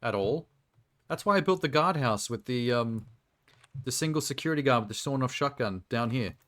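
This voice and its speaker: A man's voice: medium pitch, lively intonation, moderate pace, fairly bright tone. A man streaming a building game and chatting casually, joking and laughing often. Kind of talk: casual live-stream chat while playing a game.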